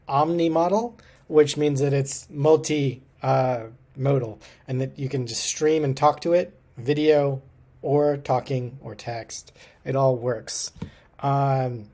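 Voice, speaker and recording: A man's voice: mid-range voice, darkish tone. A man giving a casual, upbeat tech commentary, talking conversationally with plenty of fillers.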